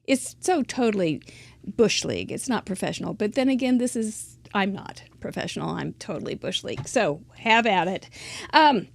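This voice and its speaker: A woman's voice: mid-range voice, expressive, moderate pace, gravelly. A middle-aged woman hosting a live crafting show, chatting casually, rambling and poking fun at herself. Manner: chatty, self-deprecating, rambling with restarts and laughs. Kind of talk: casual live-stream chat.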